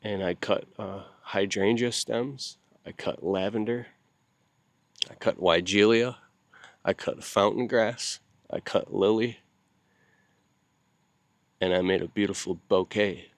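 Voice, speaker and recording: A man hosting his video channel, talking casually to the camera. He is grieving and short on sleep, and he speaks in a halting way, with long pauses and repeated words. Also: lowish voice, steady tone, creaky, no echo. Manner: grieving and heartfelt. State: sleep-deprived.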